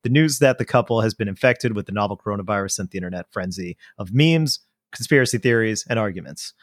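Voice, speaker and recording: A man co-hosting a casual podcast, reading news items aloud in a measured, wry way with dry asides. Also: on the low side, lively intonation, no room sound. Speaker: podcast co-host.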